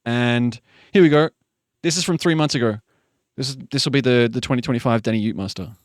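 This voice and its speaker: A man's voice: mid-range voice, brisk, dry recording. A man with a Queensland Australian accent, hosting a live stream and chatting casually with viewers, laughing and swearing, and sleepy. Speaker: livestream host. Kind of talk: casual chat reading viewer messages.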